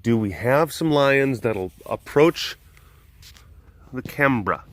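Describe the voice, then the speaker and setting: A man vlogs outdoors at an animal facility, tossing playful, jokey asides to his viewers and to the animals in casual chat. His voice sits at medium pitch and is animated but slow, with long pauses and no room sound.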